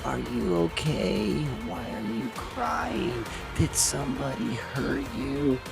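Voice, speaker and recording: A man's voice: medium pitch, takes it slowly, gravelly, over loud music. Man voicing a coaxing ghostly young girl.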